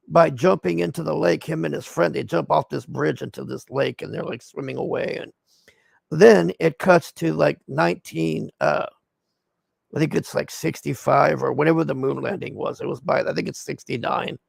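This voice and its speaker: A man's voice: on the high side, vocal fry, dry recording. A man giving a casual, profane movie recap on a livestream, blunt and exasperated. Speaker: streamer reviewing a movie.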